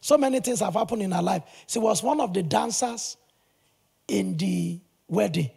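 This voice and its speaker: A male pastor preaching a sermon in an animated, emphatic way, with sudden loud bursts. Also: high-pitched, moderate pace, vocal fry, husky.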